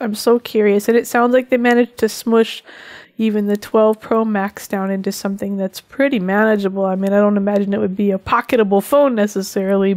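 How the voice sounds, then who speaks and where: A woman's voice: medium pitch, darkish tone, no room sound. A woman co-hosting a tech podcast who chats casually, rambles and laughs often. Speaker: podcast co-host. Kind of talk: casual chat.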